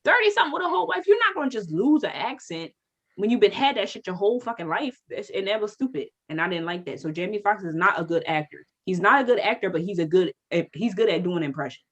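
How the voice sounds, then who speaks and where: A woman co-hosting a casual podcast chat, profane and animated, laughing while she rants. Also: on the low side, fast. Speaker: podcast co-host.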